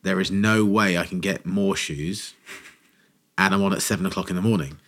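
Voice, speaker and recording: A man co-hosting a podcast, telling a funny story in a casual, animated way and acting out quotes. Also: sits low, normal speed. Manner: animated anecdote teller, acts out quotes.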